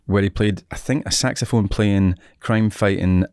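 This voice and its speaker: A man's voice: lowish voice, moderate pace, a little mellow, clear, resonant tone, no echo, studio quality. A Scottish man in his forties, a guest telling stories in a casual interview and often laughing. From Scotland. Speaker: actor, guest.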